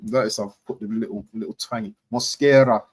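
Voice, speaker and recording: A man's voice: lowish voice, fairly even intonation, fairly quick, slightly rough, low-quality recording. A young man chatting casually about football transfers on a live stream, rambling and slangy. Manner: rambling slangy, frequent "do you know what". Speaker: football vlogger.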